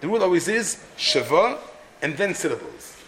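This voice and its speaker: Male Torah teacher, halting, repeats himself, slightly high voice. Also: sing-song, a bit bright, slight background noise. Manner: halting, many restarts and repeated words. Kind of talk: explaining a Hebrew poem's meter.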